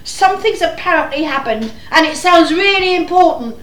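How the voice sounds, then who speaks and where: A woman playing a frazzled, exasperated mother of many children in a panto, chatty and slow. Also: extremely high pitch, lively intonation, fairly bright tone. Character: frazzled harried mother in a shoe house. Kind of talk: amateur panto acting. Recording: echoey room.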